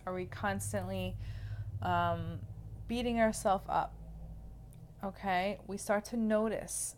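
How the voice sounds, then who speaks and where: A woman speaking as a self-love coach, explaining in a gentle, casual teaching manner and often checking in with the listener. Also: medium pitch.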